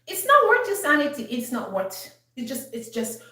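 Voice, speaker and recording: A woman's voice: sits high, moderate pace, recorded from a distance. Earnest woman lecturing parents, voice bouncing in an echoey room. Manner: earnest, preachy, animated. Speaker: homestead channel host giving Bible-based parenting advice. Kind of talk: casual talk.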